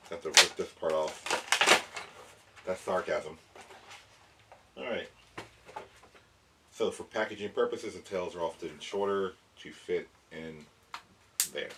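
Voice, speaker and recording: A man hosting a casual toy review and science explainer for kids, chatty and rambling, often correcting himself. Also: sits low. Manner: addresses kids. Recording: voice a bit far from the mic, faint background noise.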